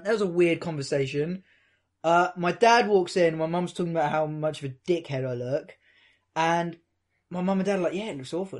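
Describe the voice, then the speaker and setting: A young man, casually telling a long story to friends and acting out the quotes. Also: a little high.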